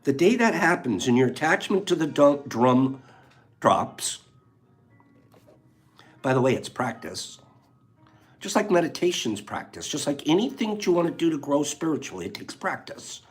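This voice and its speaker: A man hosting a reflective spiritual talk, reading passages from a book aloud and mixing in his own animated remarks and soft asides. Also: fairly high pitch, normal speed, long pauses, faint music behind. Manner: animated, swinging between loud emphasis and soft asides. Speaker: podcast host.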